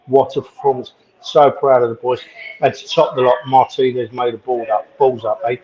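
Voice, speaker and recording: A man's voice: mid-range voice, fairly even intonation, normal speed. A man calls into a podcast from a holiday bar, talking with emphatic enthusiasm and repeating himself for effect. His call audio is dull and lo-fi, with faint bar noise underneath. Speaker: regular podcast guest. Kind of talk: casual chat. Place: holiday bar with music playing.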